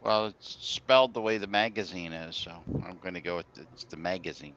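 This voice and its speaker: A man co-hosting a live stream who drops in dry, teasing one-liners. His voice sits on the low side. The sound is dull and lo-fi, with a faint hiss behind it. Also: fairly quick, fairly bright tone. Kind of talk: casual live-stream chat.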